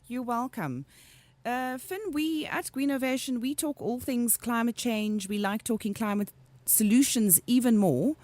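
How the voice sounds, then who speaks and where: Woman, radio host, friendly scripted questions, higher voice, dry close sound. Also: a little slow, darkish tone, no echo. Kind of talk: radio interview.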